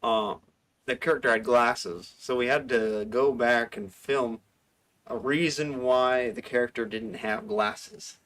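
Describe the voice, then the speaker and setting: A man's voice: medium pitch, takes it slowly, a bit bright. A man hosting a casual livestream, rambling, correcting himself and laughing often. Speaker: livestream host.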